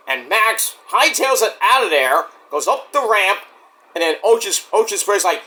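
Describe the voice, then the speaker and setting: A man rambles through a casual wrestling show review, full of restarts and sudden shouted impressions. His voice sits high and swings widely in pitch, with a bright, forceful edge. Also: unhurried. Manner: rambling, animated, acts out quotes loudly.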